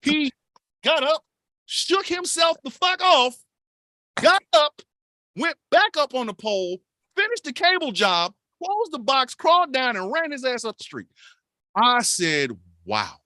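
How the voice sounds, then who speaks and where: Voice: high voice, a little slow, no room sound, studio quality. A podcast co-host telling a wild story with lots of swearing. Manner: animated, profane storytelling. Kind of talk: casual storytelling.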